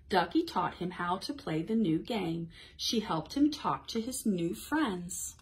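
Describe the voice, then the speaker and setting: A woman's voice: on the low side, expressive, slight background noise. Sing-song woman librarian at storytime. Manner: sing-song, encouraging, slow and clear. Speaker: children's librarian. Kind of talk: toddler storytime.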